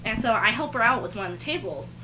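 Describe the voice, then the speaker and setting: A young woman in her twenties, a podcast co-host, telling a story in animated casual chat full of "like". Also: on the high side, fast, very noisy.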